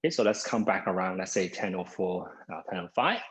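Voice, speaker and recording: A man's voice: deep voice, expressive, brisk, rough recording. A man instructing a live online exercise class, a little out of breath, opening nearly every cue with "okay" and counting down the seconds. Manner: begins most cues with "okay", counts down seconds. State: somewhat out of breath. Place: home via video call. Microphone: video call microphone.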